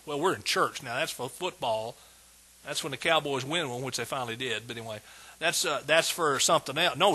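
A man preaching a sermon as pastor, emphatic and repetitive, building words into shouts of praise. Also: mid-range voice, lively intonation, fairly quick, slightly rough. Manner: emphatic preaching, repeats words with rising intensity.

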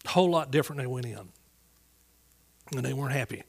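With a gravelly, medium-pitched voice that has a breathy edge, a Southern-accented man talks fast and expressively. At a church service, he gives his congregation a folksy, earnest sermon testimony, with restarts, about being called as a Bible teacher.

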